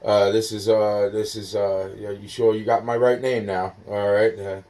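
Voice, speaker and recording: A man on a phone call, rambling and halting, full of fillers and swearing, slowly spelling things out while sounding foggy and hungry. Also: fairly low pitch, level tone, warm tone, far from the mic. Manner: halting, filler-heavy, scattered. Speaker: caller.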